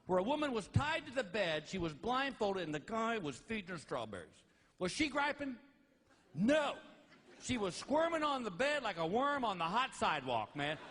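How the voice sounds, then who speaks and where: A middle-aged man performing a stand-up comedy routine on a live stage, acting out the people in his stories. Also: very high-pitched. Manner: animated, acts out voices. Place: live venue with audience.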